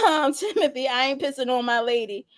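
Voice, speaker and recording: A woman's voice: sits high, animated, normal speed, dry recording. A young adult woman hosting a casual live-stream chat, laughing and teasing as she reads viewer answers. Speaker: host.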